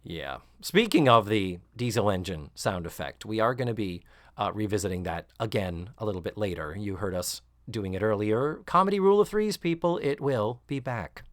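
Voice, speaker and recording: Animated, sarcastic male podcast host. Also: on the low side, moderate pace, no echo, studio quality. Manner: animated, sarcastic, acts out quotes with rising shrieks. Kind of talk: casual episode recap.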